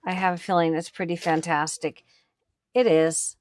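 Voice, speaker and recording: A woman with a fairly low, fairly even voice speaks at a moderate pace, with no room sound. She's an antiques picker who hosts her own channel, chatting on camera at an estate sale and showing her finds to viewers with chatty enthusiasm.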